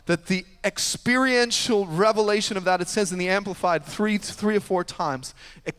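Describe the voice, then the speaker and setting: Preaching man in a reverberant church hall. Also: fairly high pitch. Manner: animated storytelling, shifts between loud preaching and hushed asides. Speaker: pastor. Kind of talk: sermon. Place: church sanctuary.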